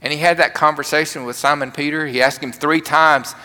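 A male pastor preaches in a loose, humorous storytelling style, stumbling over restarts as he goes. His voice sits a little high and rings bright and forceful. The sound carries the long reverb of a large church sanctuary. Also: steady tone, fairly quick. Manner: conversational, humorous, frequent restarts. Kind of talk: sermon with storytelling.

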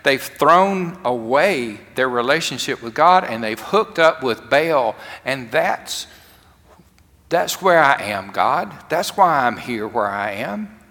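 A man preaching a sermon in a dramatic way, swinging from loud, fervent lines to hushed ones. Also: mid-range voice, animated, takes it slowly. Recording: long hall reverb.

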